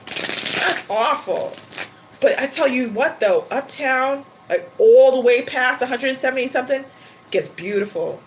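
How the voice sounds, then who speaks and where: A woman chats to her livestream viewers, her voice sitting a little high, and she laughs often as she talks. She slips in quick asides along the way. Faint noise hums under the recording. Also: lively intonation, low-quality recording. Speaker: tarot reader livestream host. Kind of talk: casual chat to a livestream.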